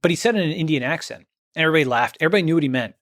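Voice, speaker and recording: A man's voice: on the high side, lively intonation, very fast, a bit bright, no echo, studio quality. A man speaking as an interview guest, emphatic, often checking in with "okay?" and "right?". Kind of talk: conversational interview.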